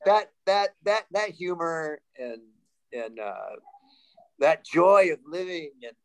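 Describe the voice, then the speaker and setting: A man in his sixties from Sacramento, California, telling lively stories as a panel guest, laughing and restarting often. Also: fairly high pitch, slow, lo-fi sound. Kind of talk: casual storytelling.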